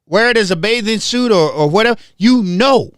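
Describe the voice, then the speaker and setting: A man's voice: sits high, lively intonation, moderate pace, fairly bright tone, clean tone, dry recording, clean studio sound. A man from Memphis hosting a heated commentary monologue, confrontational and emphatic, hammering points home by repeating them. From Memphis, southern US. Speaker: host.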